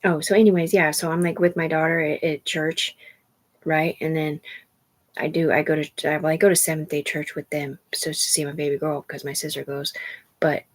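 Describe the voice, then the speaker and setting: A woman's voice: low-pitched, little pitch movement, normal speed. A woman livestreamer rambling on a live stream, jumping between topics and talking to her viewers. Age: adult. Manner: rambling, jumps between topics, talks to chat.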